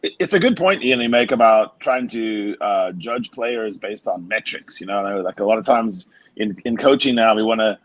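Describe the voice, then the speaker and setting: A man's voice: fairly low pitch, animated, normal speed, no echo, rough recording. A man hosting a podcast, asking a guest thoughtful questions with some hesitation. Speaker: podcast host. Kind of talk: casual interview questions.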